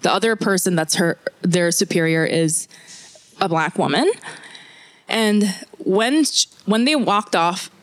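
A woman's voice: lowish voice, unhurried, dry recording. A woman in casual chat, telling a story animatedly, acting out what people said and swearing freely. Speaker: podcast guest telling a story.

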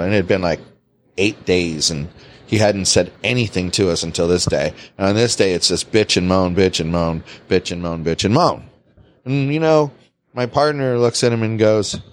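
A man hosting a podcast, telling a work story in casual chat, swearing freely. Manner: animated, swings pitch widely, swears freely. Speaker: podcast host.

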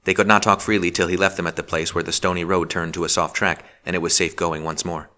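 A man reading a novel aloud as an audiobook narrator, measured and steady. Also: low-pitched. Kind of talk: scripted narration.

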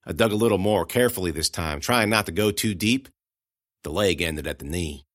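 A man narrating a first-person audiobook in a folksy, conversational way, going hushed at grim moments. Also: low-pitched, fairly quick, no room sound, studio quality.

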